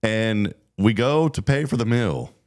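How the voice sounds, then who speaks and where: A man hosting a morning radio show, telling stories in quick, animated bursts and laughing often. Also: fairly low pitch. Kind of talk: casual radio chat.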